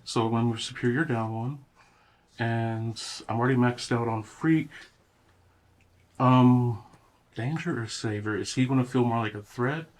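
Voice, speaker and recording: A man playing a tabletop role-playing game, giving animated, vivid descriptions of his character. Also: medium pitch, measured pace, long pauses. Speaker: player.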